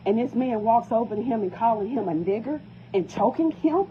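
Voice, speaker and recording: A distraught mother pleads to camera in an emotional phone vlog, repeating herself. Her fairly high voice is lively and a little fast, captured on a tinny phone recording with slight background noise.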